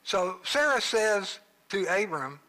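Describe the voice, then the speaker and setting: High-voiced, unhurried preacher. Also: male voice, big pitch swings, bright, forceful tone, rough recording. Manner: conversational and joking, with playful asides. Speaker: pastor. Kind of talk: sermon.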